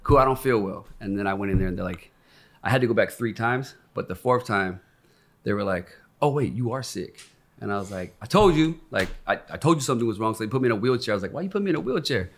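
Fast-talking man telling a story. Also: lowish voice. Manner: profane and candid, acts out quoted voices. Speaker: podcast guest. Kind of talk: casual storytelling.

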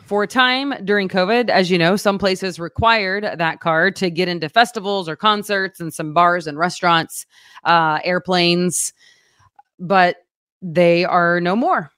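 A woman co-hosting a casual local news show, chatty and quick to laugh, with many fillers. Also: lowish voice, fairly bright tone, smooth, no room sound, clean studio sound.

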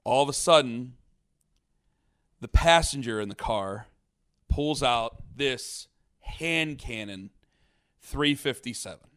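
A man casually telling a long story on a podcast, rambling and animated, with many restarts. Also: mid-range voice, slow, pauses often. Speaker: podcast host.

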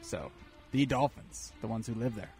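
A man's voice: on the low side, expressive, moderate pace, music in the background. A man co-hosting a sports talk show in a laid-back, dry way. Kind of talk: casual sports banter.

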